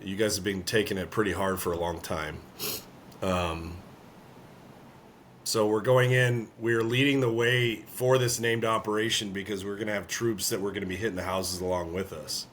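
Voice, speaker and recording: Earnest veteran man, low-voiced storyteller. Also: fairly even intonation, normal speed, a bit bright, a little hiss or hum. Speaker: army veteran guest. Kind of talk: storytelling in a podcast interview.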